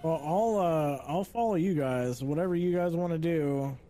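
A man player in a tabletop game, weighing options hesitantly and deferring to others. His voice is somewhat higher than usual for a man. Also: normal speed, a crowd in the background. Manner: hesitant, easygoing. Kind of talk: casual game chat.

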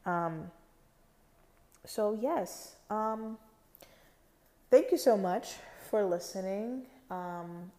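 A woman's voice: mid-range voice, dark tone. Casual rambling woman podcast host. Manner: rambling, conversational, many fillers and restarts. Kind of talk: casual spiritual podcast monologue.

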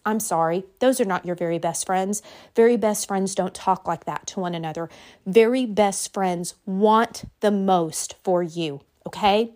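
A woman's voice: medium pitch, unhurried, darkish tone. A woman life coach giving a motivational talk straight to the camera, emphatic and direct, laying out numbered takeaways and repeating key phrases.

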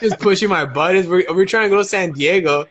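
A man's voice: high-pitched, brisk, a bit bright, dull audio. A young man from California, rambling in casual banter with lots of swearing and fillers.

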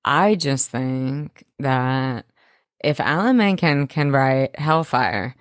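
A woman co-hosting a podcast in casual chat, animated and enthusiastic, swearing freely. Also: a bass voice, slow, no room sound, studio quality. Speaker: podcast co-host. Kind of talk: casual chat, TV rewatch recap.

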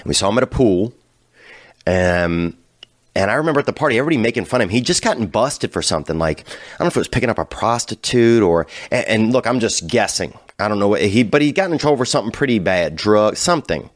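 A man hosting a casual talk show, telling a rambling, profane story that drifts from low mutters to loud hyped bursts. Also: lively intonation, brisk, no echo, studio quality. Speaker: podcast host.

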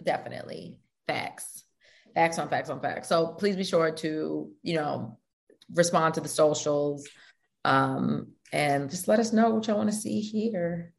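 A woman's voice: sits low, unhurried, vocal fry. A woman co-hosting a podcast in casual chat, blunt and slangy, often swearing, recorded remotely. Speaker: podcast co-host.

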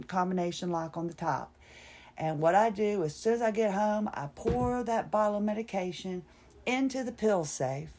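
A woman's voice: medium pitch, darkish tone. A woman hosting a podcast, telling a candid, rambling personal story alone and poking fun at herself. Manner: candid, rambling, self-deprecating. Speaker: podcast host.

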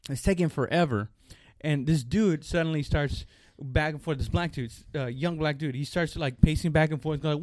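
High-voiced man telling a rowdy story. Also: fairly quick, hardly any pauses, no echo. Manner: animated, profane, acts out voices in the story. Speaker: storyteller in a podcast chat. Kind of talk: casual storytelling chat.

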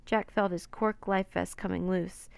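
Woman narrator, expressive children's book reading, dry. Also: on the low side, a little slow, creaky, clear, resonant tone, no echo. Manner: expressive, dramatic.

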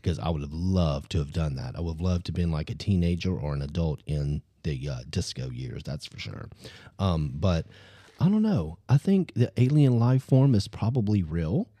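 A man's voice: low-pitched, expressive, moderate pace, dark tone, slightly rough, no room sound. A man in his fifties from Mississippi, chatting casually as podcast host, rambling with many fillers. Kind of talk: casual chat.

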